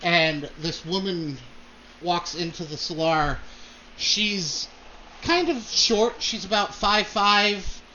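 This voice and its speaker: A man's voice: high-pitched, slow, bright, forceful tone, slight background noise. A man narrating a tabletop game as game master, casual, with many fillers, on a dull lo-fi recording.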